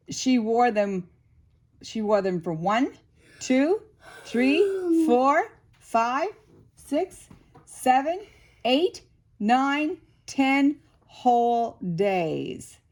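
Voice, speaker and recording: An older woman reading a picture book aloud to a child, expressive and slow, with chatty asides. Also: on the high side. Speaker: storyteller grandmother.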